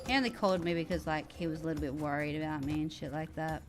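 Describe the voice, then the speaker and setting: A woman, chatting casually and swearing as she streams a game, with sudden loud outbursts at the game. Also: low-pitched, steady tone, fast, noisy background. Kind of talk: casual chat while gaming.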